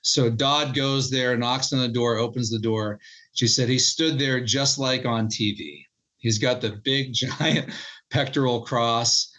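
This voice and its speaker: Animated storytelling man, interview guest. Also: mid-range voice, a little slow, low-quality recording. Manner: animated storyteller, quotes others in their voices. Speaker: author and historian guest.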